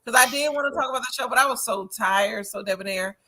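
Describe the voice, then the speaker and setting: A woman's voice: fairly high pitch, fast, pushed and bright. A woman hosting a casual gossip chat over a video call, chatty, easily amused and a little tipsy. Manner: chatty, easily amused, fumbles with screen sharing. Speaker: show host.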